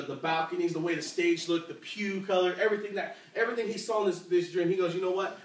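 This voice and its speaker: A man's voice: high-pitched, distant mic. A man preaching a conversational youth sermon, telling a story and asking the crowd questions, with many fillers. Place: church youth service, large room. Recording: echoey room, voice from off-mic.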